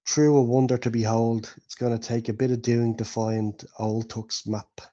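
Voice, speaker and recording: A man's voice: mid-range voice, level tone, normal speed, warm tone, lo-fi sound. A man acting as game master, casually narrating the scene and asking players for dice rolls. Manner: casual, explains rules and scene loosely.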